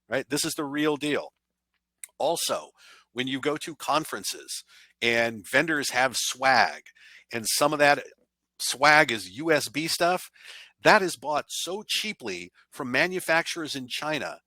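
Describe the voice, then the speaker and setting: A man's voice: medium pitch, normal speed, sharp tone, no room sound. A man presenting a cybersecurity awareness training in a conversational style, giving blunt, emphatic warnings.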